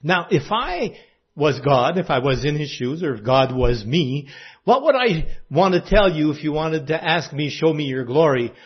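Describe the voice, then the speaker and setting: A man's voice: fairly high pitch, lively intonation, normal speed, husky, dull audio. A man from French Canada giving an informal sermon, folksy and conversational, often putting questions to his listeners. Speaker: preacher.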